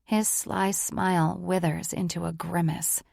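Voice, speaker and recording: A woman narrates a romance audiobook in the first person, intimate and emotive. Her voice sits a little low with a gravelly texture, recorded dry and close. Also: level tone, a little slow, a little mellow, no echo.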